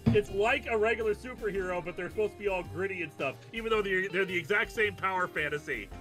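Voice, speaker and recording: A man's voice: sits high, fast talker, bright, forceful tone, faint music behind. A man guesting on a casual chat, cutting in and restarting his sentences. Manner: talks over others, stumbles and restarts. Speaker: guest commentator.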